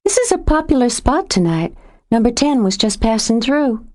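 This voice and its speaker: A woman voicing a jumpy young woman with a tense, high voice in an audiobook reading. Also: sing-song, moderate pace, darkish tone. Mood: panicked.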